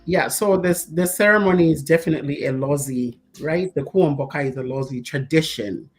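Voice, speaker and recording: A woman chats as a talk show co-host, her voice sitting very low for a woman. She tells stories in an easygoing way and breaks into laughter often. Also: brisk, soft background music. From Zambia. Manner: laughing often, relaxed storytelling. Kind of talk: casual chat.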